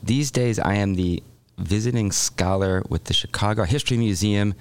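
A man with a low voice, chatting as a guest on a talk show. His delivery is loose and conversational, and he laughs easily. The sound is dry and close. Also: normal speed, clean tone, no room sound. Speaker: guest, oral history scholar. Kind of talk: casual radio chat.

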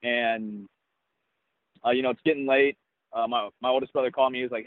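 A young adult man, a baseball player, telling a personal story in an interview in an earnest, reflective way with halting restarts. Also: mid-range voice, steady tone, dry recording. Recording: tinny phone-like, dry sound.

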